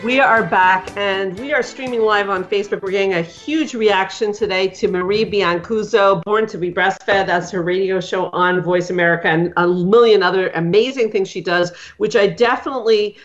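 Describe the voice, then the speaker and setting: A woman's voice: mid-range voice, steady tone, normal speed, few pauses, dull audio, soft background music. A woman hosting a radio talk show, chatty and rambling with many fillers. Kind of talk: casual radio interview.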